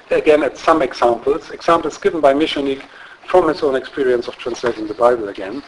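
Measured male lecturer with fillers. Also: mid-range voice, darkish tone, a little hiss or hum, rough recording. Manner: measured, explanatory, with frequent fillers and tag questions. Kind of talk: academic lecture. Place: lecture room.

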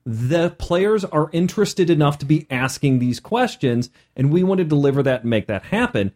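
A man hosting a casual podcast as a game master, animated, with many restarts. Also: mid-range voice, moderate pace, hardly any pauses.

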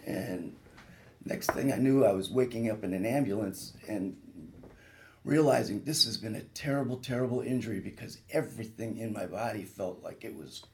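A man's voice: fairly low pitch, moderate pace. A man, a surgeon, telling a guest on a radio talk show the personal story of a grave injury, earnest and vivid. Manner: earnest, vivid retelling with rising intensity at peak moments.

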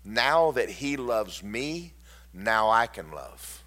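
A preacher with a bright, forceful voice delivers an impassioned sermon. He moves between ringing declarations and quiet, confiding storytelling, drawing the congregation in. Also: on the low side, sing-song, takes it slowly. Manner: impassioned, swinging from loud declarations to hushed storytelling.

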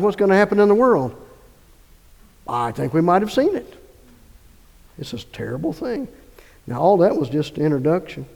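A man's voice: sits high, darkish tone. A man preaching a sermon as pastor, emphatic, with restarts and swells of emphasis. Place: church sanctuary. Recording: long church reverb.

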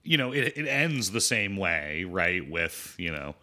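A man's voice: deep voice, sing-song, a little slow, pushed and bright. A man co-hosting a podcast, talking casually and rambling about films while acting out lines from them. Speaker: podcast co-host. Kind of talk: casual film discussion.

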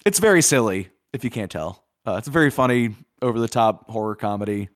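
A man's voice: fairly low pitch, expressive, quick pace, no echo, studio quality. A man co-hosting a podcast, reviewing films in a loose, chatty way with lots of filler words. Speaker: podcast co-host. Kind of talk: casual film review chat.

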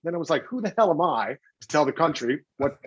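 A man in his 40s or older, a guest who is a television host, tells anecdotes in an interview with a fairly high, breathy voice. He animatedly acts out quotes and restarts sentences often. The recording is lo-fi with no room sound.

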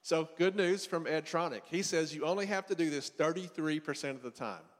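A man's voice: fairly high pitch, brisk, in a large hall. A man, a counselor, giving a casual faith-based teaching talk on parenting and attachment, talking conversationally with asides and restarts. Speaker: marriage and family counselor teaching a seminar.

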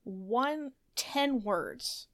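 A woman co-hosting a podcast over a video call, chatting in an animated, exasperated way. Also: fairly high pitch, very slow. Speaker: podcast co-host. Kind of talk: casual chat.

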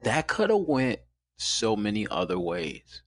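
A young man in his twenties calmly telling a personal story in casual conversation, quoting others as he goes. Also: on the low side, unhurried, a little hiss or hum.

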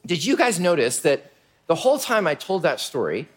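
A male pastor telling a Bible story to children in an energetic, playful way, often asking the audience questions. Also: fairly high pitch, normal speed, breathy edge.

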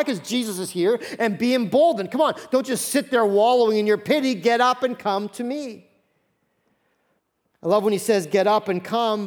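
A man in his thirties preaching a sermon as pastor, acting out the Bible figures in quick voices. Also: high voice, long reverb tail. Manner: animated, acts out Bible characters in quick voices.

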